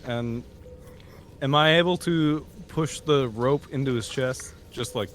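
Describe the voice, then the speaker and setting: A man taking part in a tabletop game, halting as he describes what his character does. His voice sits mid-range, with faint noise behind it. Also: medium pitch, a bit bright. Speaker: player. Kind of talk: tabletop role-play.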